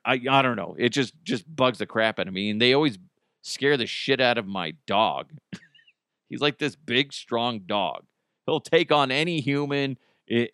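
Clean studio audio without echo captures a middle-aged podcast host with a medium-pitched, fairly bright, clean voice. His chat is loose and meandering, full of jokes, easy profanity, and frequent laughter.

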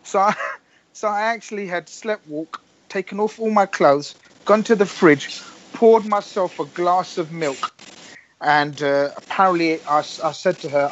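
Guy stumbling through an embarrassing story, slightly high voice, muffled lo-fi sound. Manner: hesitant, halting storytelling with many restarts. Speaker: podcast co-host. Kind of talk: casual banter.

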